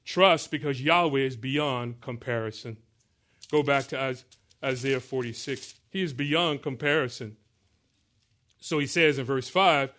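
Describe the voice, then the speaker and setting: A man preaching a sermon to a congregation, drawing answers from the pews, joking about aging, and slowing down to stress scripture lines. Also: medium pitch, a bit bright. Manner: call-and-response preaching, asks the congregation to answer. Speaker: pastor.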